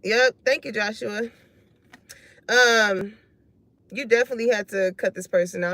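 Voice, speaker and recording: A woman reads cards live for her viewers in a loose, slangy, unfiltered way. Her voice sits at a middling pitch. She cusses freely and laughs often as she talks. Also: unhurried, long pauses, fairly bright tone, dry recording. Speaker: tarot reader. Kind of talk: live reading chatting with viewers.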